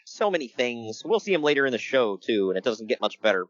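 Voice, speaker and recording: A man's voice: medium pitch, fast, no echo, highs cut off. A man co-hosting a casual podcast, joking and laughing as he recaps a wrestling show. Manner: joking, animated, laughs often. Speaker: podcast co-host.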